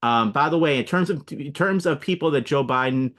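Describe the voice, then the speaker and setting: Fast-talking man analyzing politics. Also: mid-range voice, fairly bright tone. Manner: fast, explanatory, lists names and examples. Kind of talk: radio interview commentary.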